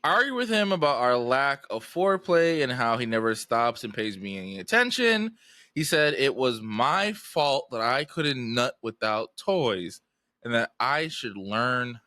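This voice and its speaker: A man co-hosting a podcast, joking loudly in casual comedic chat full of slang. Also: medium pitch, no echo, studio quality. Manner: loud, animated, slangy, joking. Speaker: podcast co-host.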